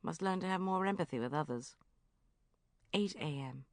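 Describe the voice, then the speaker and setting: A woman narrating a first-person comic diary audiobook in a lively, self-mocking, exclamatory way. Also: low-pitched, normal speed, no room sound, clean studio sound.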